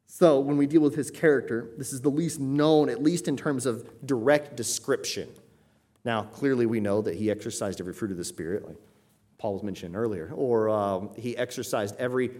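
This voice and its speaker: A man's voice: medium pitch, darkish tone. A man preaching a sermon, explaining scripture in a conversational way and raising his voice when he reads passages aloud. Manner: emphatic, rising sharply when reading scripture aloud; conversational asides with light laughter.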